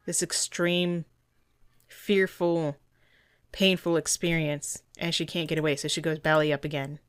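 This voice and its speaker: Low-voiced woman, indignant critique. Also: flat delivery, moderate pace, dry recording, studio quality. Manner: earnest, indignant, frequent restarts. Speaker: dog trainer reviewing a training video. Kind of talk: critical video commentary.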